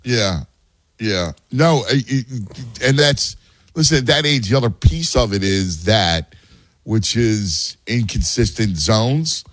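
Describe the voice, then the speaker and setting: A man's voice: on the low side, takes it slowly, a bit bright, no room sound. A man who coaches youth baseball and has a son, chatting casually and explaining game strategy with many restarts. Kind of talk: casual podcast chat.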